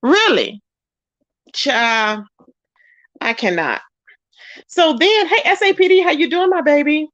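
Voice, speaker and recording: A woman doing casual gossip commentary in a sassy, animated way, greeting her chat viewers. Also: high voice, unhurried, long pauses, no echo, lo-fi sound. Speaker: commentary vlogger.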